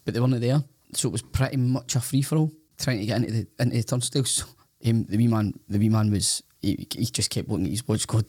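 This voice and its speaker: A Scottish man co-hosts a casual podcast and tells his stories in a quick, rambling way, often restarting his sentences. His voice is recorded close and dry, and his humour is self-deprecating. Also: mid-range voice, darkish tone, slightly rough, no room sound. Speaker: podcast co-host.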